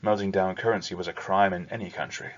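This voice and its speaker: A man narrating a novel aloud in a steady, measured reading. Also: low voice. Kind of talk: audiobook narration. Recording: dull lo-fi recording.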